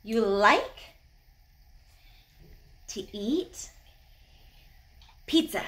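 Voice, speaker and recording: A woman's voice: on the high side, very slow. A woman teaching a sign language class to young children, upbeat and encouraging, often gasping with delight at their answers. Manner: animated, encouraging, gasps with delight.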